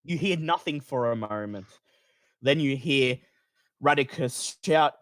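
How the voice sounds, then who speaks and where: A man's voice: mid-range voice, lively intonation, measured pace, fairly bright tone, no room sound, studio quality. Man narrating as game master.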